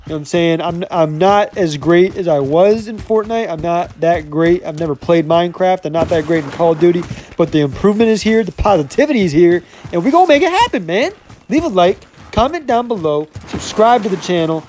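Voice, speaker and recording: A man in his twenties talks casually over his own gameplay, with a slightly raised pitch. He keeps the energy upbeat and hyped, tossing in the same catchphrases again and again. A faint noise sits under his voice. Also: lively intonation, fairly quick, a little mellow. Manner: upbeat hype talk, keeps saying "you know what I'm saying". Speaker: gaming YouTuber.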